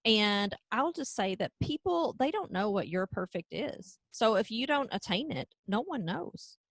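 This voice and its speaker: A woman co-host chats easily and laughs often as she joins in a relaxed conversation. Her voice sounds close and dry. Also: medium pitch, unhurried, creaky, no room sound. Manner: chatty, self-described perfectionist, laughs easily. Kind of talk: casual chat.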